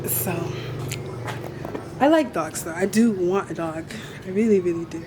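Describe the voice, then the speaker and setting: A woman's voice: on the low side, a little slow, a crowd in the background. A young woman vlogging as she walks down a street, rambling and chatty, telling stories with self-mocking asides into a handheld camera. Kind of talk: casual walking vlog chat. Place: outdoors walking down a city street. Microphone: handheld camera held while walking. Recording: street ambience clearly behind.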